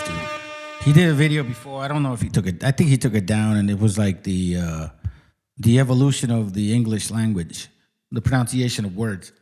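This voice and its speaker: A man's voice: on the low side, fairly quick, a little mellow, soft background music. A man hosting his channel, reacting to clips in casual, blunt, profane commentary. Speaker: channel host.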